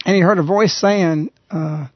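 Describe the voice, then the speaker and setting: A man hosting a radio talk show, earnestly retelling a story in a halting, conversational way. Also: sits high, steady tone, no echo. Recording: dull, lo-fi radio recording.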